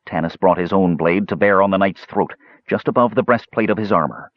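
Husky low-voiced male audiobook narrator. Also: fairly quick, no echo, highs cut off. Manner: expressive, dramatic reading. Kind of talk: scripted fantasy narration.

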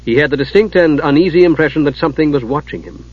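A man reads an audiobook in a measured, dramatic way, his voice a little husky. The audio is dull and lo-fi, like an old tape. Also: on the high side. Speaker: narrator. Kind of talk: audiobook narration.

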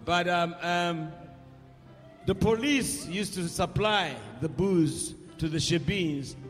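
Older South African man, high-pitched stage storyteller. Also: slow pace. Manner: wry, humorous storyteller who rouses the audience. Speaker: musician performing on stage. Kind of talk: live concert storytelling and crowd call-and-response. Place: concert hall stage. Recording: reverberant live hall with music behind.

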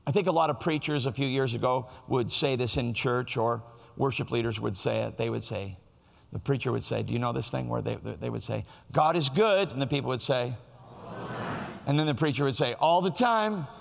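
A man's voice: medium pitch, fairly even intonation, a little fast, creaky, in a large hall. A man preaching a sermon in a church, in a conversational, storytelling way. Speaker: pastor.

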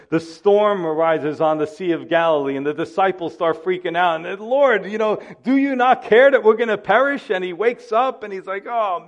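Male pastor, fairly high voice, dramatic sermon delivery, lo-fi recording. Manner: dramatic, acts out quoted voices.

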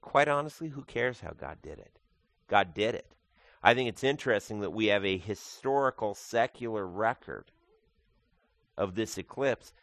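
A man's voice: mid-range voice, fairly bright tone, dry recording. A male pastor giving a conversational sermon, explaining scripture with casual asides. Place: church.

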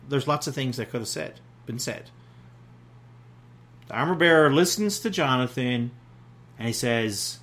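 A man's voice: mid-range voice, big pitch swings, normal speed, fairly bright tone. A middle-aged man from Newfoundland, a pastor preaching a sermon in a folksy, plain-spoken way, with many fillers and restarts.

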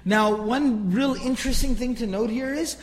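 A man's voice: very high-pitched, moderate pace, in a large hall, low-quality recording. A man teaching Quranic grammar, emphatic and asking rhetorical questions, often repeating himself. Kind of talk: explaining Quranic grammar to listeners.

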